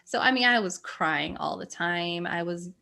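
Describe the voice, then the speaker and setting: A young woman telling her birth story in a casual chat, animated and laughing often. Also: fairly low pitch, moderate pace, vocal fry. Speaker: podcast guest sharing a birth story.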